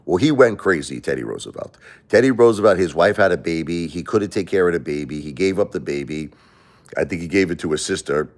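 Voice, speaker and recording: A middle-aged American man with a low, deep voice hosts a livestream. He rants bluntly and emotionally, pushing back at his viewers with plain, confrontational talk. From United States. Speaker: livestream host. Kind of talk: livestream rant.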